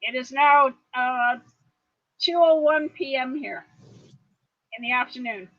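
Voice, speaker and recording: A woman's voice: high-pitched, takes it slowly, no echo, lo-fi sound. A chatty woman from British Columbia who laughs easily, talking casually on a livestream. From Canada, British Columbia. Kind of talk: casual chat.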